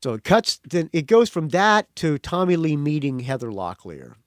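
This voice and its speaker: A man's voice: fairly high pitch, very animated, normal speed, dry recording, studio quality. A male podcast host giving a casual movie review monologue, blunt and profane, with frequent restarts.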